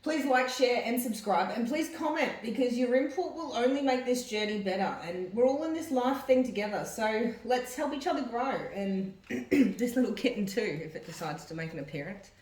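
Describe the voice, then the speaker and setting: A woman talking casually to camera, then reading old diary pages aloud in a halting way with restarts. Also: a little high, animated, a little mellow. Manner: halting, reads with restarts and corrections. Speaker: vlogger reading her mother's diaries. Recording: roomy echo.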